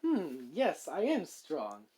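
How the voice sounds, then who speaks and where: A man's voice: fairly high pitch, very animated, unhurried, darkish tone. A man voicing a cocky young male hero reborn as a slime, casual and slangy in an amateur storytelling.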